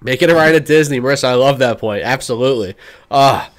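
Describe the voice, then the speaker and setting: A man co-hosting a podcast in casual chat, excitable and gushing, with lots of "like". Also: mid-range voice, fast. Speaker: podcast co-host.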